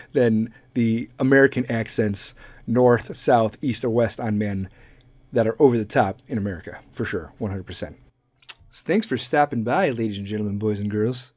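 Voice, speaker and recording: A man's voice: mid-range voice, no echo. A man hosting a podcast, delivering a crude, rambling comedic monologue and laughing often. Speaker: podcast host.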